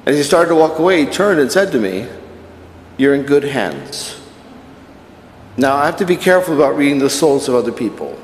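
Priest preaching in an echoey church. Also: male voice, a little high, animated, rapid-fire, few pauses, slight background noise. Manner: conversational preaching with personal anecdotes. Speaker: Catholic priest. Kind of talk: sermon at Mass.

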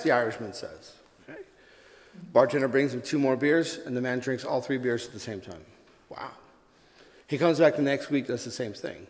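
A man's voice: medium pitch, a little fast. Man preaching in an echoing church. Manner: storytelling a joke, then earnest preaching. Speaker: pastor. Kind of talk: sermon.

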